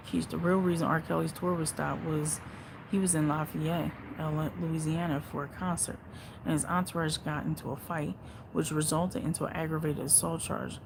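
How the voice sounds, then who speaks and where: With a creaky voice, a woman hosts a casual livestream, reading out comments from viewers and responding bluntly with lots of swearing. She shifts between low mutters and loud outbursts, and there's background noise.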